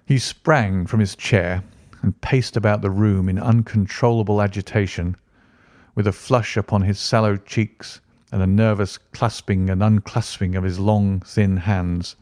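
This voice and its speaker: Low, dry-voiced male narrator. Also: steady tone, unhurried, a little mellow, no room sound. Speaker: audiobook narrator. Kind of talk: scripted narration.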